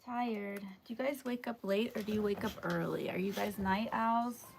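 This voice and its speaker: Sleepy gravelly woman chatting on a livestream. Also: mid-range voice, steady tone, normal speed, few pauses, faint music behind. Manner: chatty, greets viewers by name. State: tired, just woke up. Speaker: livestream host. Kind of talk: casual live chat with viewers. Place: home.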